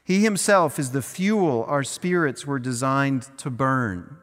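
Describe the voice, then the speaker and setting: Slowly and with a medium-pitched, fairly bright voice, a pastor preaches in a conversational way inside a church. He sometimes acts out little scenes, and the hall lends long reverb.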